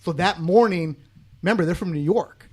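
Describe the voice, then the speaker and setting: Animated storyteller with a high male voice. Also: normal speed. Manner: animated storyteller acting out quotes, swearing freely. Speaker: guest sports broadcaster. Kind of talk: casual podcast storytelling.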